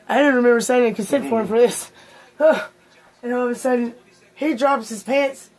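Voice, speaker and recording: A woman hosting a casual story time, rambling along with crude language and loose asides among her friends. Her voice sits a touch high. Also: fairly even intonation, fairly quick, gravelly, a little mellow, poor audio. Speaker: host.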